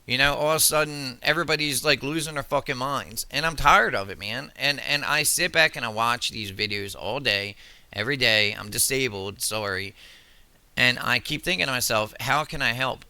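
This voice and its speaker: A man's voice: medium pitch, moderate pace, bright, forceful tone, smooth, no room sound. A man delivering an angry, heated commentary rant, swearing often and stumbling over restarts. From United States. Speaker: political commentary vlogger.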